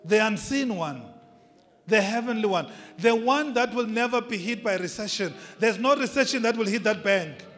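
High-voiced man preaching in a hall. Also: lively intonation, fairly bright tone. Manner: emphatic preaching, repeating key phrases, drawn-out words. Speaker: pastor. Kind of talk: sermon. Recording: long reverb of a large hall, faint music.

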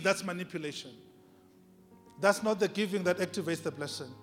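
High-voiced man preaching in a hall. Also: fairly bright tone. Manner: emphatic preaching, repeating key phrases, drawn-out words. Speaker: pastor. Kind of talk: sermon. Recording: long reverb of a large hall, faint music.

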